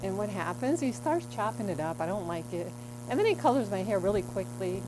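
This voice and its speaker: A woman's voice: medium pitch, big pitch swings, brisk, noisy background. A middle-aged woman telling a rambling, chatty story in a stand-up set at an open mic.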